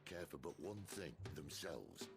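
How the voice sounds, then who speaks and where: A gruff, world-weary rebel leader speaks in a very deep, gravelly voice with a lively, wry lilt. Loud game music runs beneath every line. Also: male voice, unhurried, exaggerated voice.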